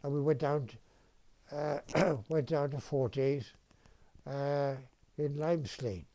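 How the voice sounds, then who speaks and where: A man, reminiscing in a rambling, halting way with frequent restarts and throat clearing. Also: on the high side, steady tone, dark tone. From Wales. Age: 90s. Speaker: interviewee, retired dentist. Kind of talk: reminiscing storytelling.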